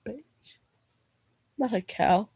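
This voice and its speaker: A woman's voice: medium pitch, very slow, vocal fry, dark tone, husky, no room sound. A young woman vlogger reading jokes aloud in a casual way, laughing and groaning at them and adding slangy asides.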